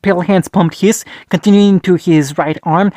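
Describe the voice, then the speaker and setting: A man reading a fan fiction story aloud, steady but with small slips and restarts. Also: high voice, normal speed, no echo. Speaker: reader.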